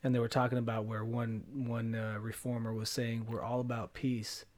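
A man's voice: medium pitch, flat delivery, normal speed, darkish tone. Earnest man musing on a podcast. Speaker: podcast co-host. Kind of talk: casual podcast chat.

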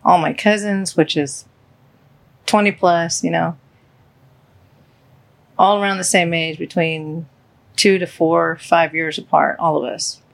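A woman co-hosting a podcast with her spouse, speaking in a halting, hesitant, emotional way. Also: on the low side, steady tone, gravelly. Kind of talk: casual heartfelt podcast chat.

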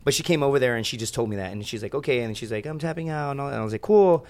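Guest storyteller, man, rapid-fire, profane, mid pitch. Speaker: guest, reality show contestant. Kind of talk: casual podcast chat.

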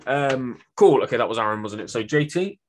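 A man's voice: medium pitch, expressive, fairly quick. A man hosting a casual quiz among friends, joking and teasing the players. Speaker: quiz host. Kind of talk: casual game chat.

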